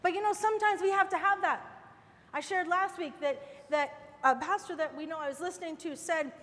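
High voiced lady preaching, gets fired up repeating stuff, reverby room. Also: a little fast, a bit bright. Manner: fervent, repeats phrases with rising force. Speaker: women's Bible teacher. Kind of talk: sermon.

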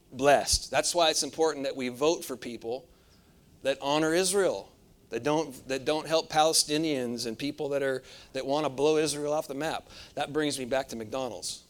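A man's voice: fairly high pitch, fairly bright tone. Folksy preacher man telling a story. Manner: folksy storytelling with frequent laughs and calls of amen. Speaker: pastor. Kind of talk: sermon with personal anecdote.

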